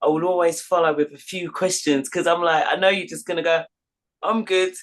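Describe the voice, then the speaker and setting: A woman's voice: sits low, fairly even intonation, quick pace. A woman hosting a podcast, agreeing with her guest and sharing her own habits in a casual conversation. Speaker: podcast host.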